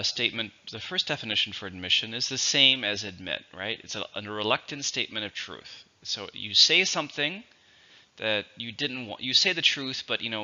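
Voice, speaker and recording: Low, bright-voiced male English teacher. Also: muffled recording. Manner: slow, deliberate explanations with repeated words. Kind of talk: vocabulary lesson.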